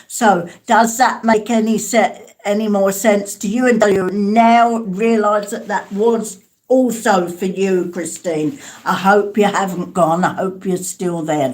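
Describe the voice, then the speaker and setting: A woman's voice: medium pitch, takes it slowly, darkish tone. A woman giving a live spirit mediumship reading, hesitant and calling her listeners darling and sweetheart.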